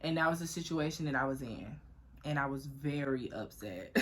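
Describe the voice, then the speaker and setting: A woman's voice: rumbling low, lively intonation, normal speed. A young woman telling a personal story to camera in a chatty, profane way, often addressing viewers as y'all. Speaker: vlogger.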